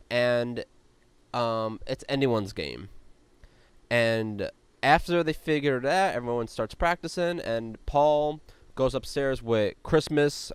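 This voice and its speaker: A man's voice: medium pitch, smooth, dry recording. A man hosting a podcast, recapping a reality show in a chatty way with lots of "like" and frequent swearing. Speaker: podcast host.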